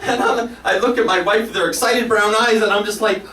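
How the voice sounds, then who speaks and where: A man telling a comic personal story live on a small cafe stage, animated and self-mocking. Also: high-pitched, fairly quick, recorded from a distance, heavy background noise. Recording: roomy live cafe, mic from afar.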